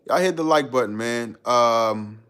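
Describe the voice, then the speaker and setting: A man talking casually on a live stream at a mid-range pitch for a man. His delivery is relaxed and full of slang, he laughs easily, and he answers viewer comments as they come in. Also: measured pace, smooth. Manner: laid-back and slangy, laughing often, riffing on chat comments.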